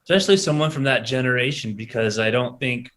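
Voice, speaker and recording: Male co-host, middle pitch, halting casual chat. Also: fairly bright tone. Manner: rambling, hesitant with fillers. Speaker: podcast co-host.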